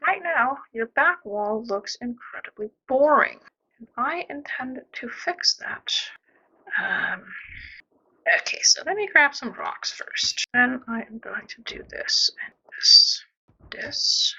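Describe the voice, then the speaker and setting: Playful gravelly-voiced woman muttering while building. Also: high voice, expressive, slow pace, pushed and bright, muffled recording. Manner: chatty, playful sound effects, mutters half-whispered asides. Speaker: gameplay streamer building a zoo. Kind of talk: casual commentary while playing.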